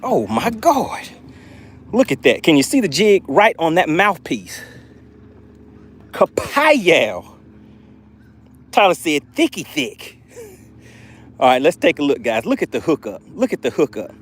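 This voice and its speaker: A man hosting a live fishing stream from a boat outdoors, excitably narrating his catch and reading chat aloud. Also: on the high side, takes it slowly, long pauses. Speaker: fishing livestream host.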